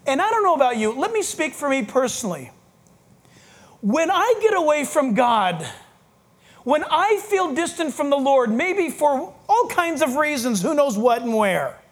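A middle-aged male pastor preaching a sermon in a conversational way, with self-mocking asides. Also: very high voice.

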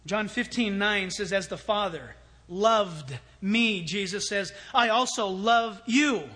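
A man preaching a sermon as pastor, animated, swinging from loud exclamations to hushed storytelling. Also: high-pitched, takes it slowly.

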